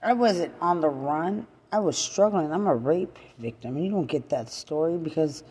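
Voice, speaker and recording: A woman in an angry unscripted rant, profane and repetitive, swinging from loud outbursts to low muttering. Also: animated, moderate pace, hardly any pauses, slightly rough, long reverb tail. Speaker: mother venting to camera.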